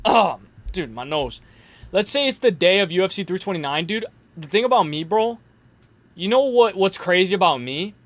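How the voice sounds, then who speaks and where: A man's voice: high-pitched, no echo. A young man hosting a casual livestream, rambling in slangy talk full of fillers and restarts. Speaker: host.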